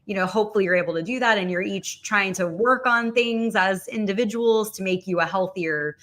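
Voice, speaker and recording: A woman's voice: medium pitch, fairly quick, fairly bright tone. A woman hosting a livestreamed talk show, speaking casually with many fillers and asides. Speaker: podcast host.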